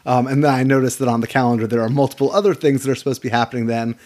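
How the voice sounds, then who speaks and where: A man's voice: medium pitch, rapid-fire. A man who works as an attorney, talking casually as a podcast guest. He tells stories with energy and often repeats his first words. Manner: animated storyteller, repeats words when starting sentences.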